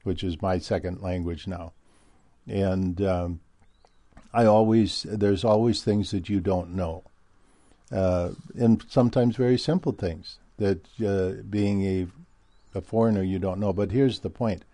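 A man's voice: sits low, steady tone, a little slow, mellow, no echo. A man from Minnesota with a Midwestern American accent, talking in a rambling casual monologue with many fillers and restarts.

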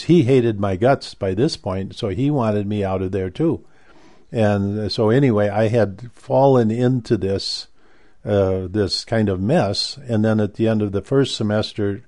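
An older man, lowish in pitch with a dark tone, casually recounts something from his past. He wanders as he talks, often stopping and beginning again.

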